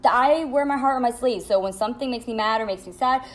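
Young woman, vlogger, storytime monologue, blunt and profane, animated telling, fairly high voice. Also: fast talker.

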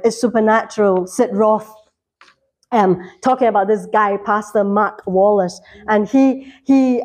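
A woman's voice: medium pitch, a little mellow. A woman preaching a sermon in a church, fervent, repeating lines for emphasis.

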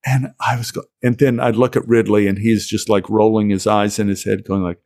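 This is a middle-aged American man with a medium-pitched voice at normal speed. As an actor guest in a storytelling interview on a podcast, he yarns animatedly and jumps into comic voices for quoted lines.

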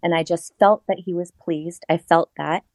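Woman guest telling a story, lowish voice, laughs a lot, dry close sound. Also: normal speed, no echo, low-quality recording. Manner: animated, laughs often, acts out her own past lines. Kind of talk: interview storytelling.

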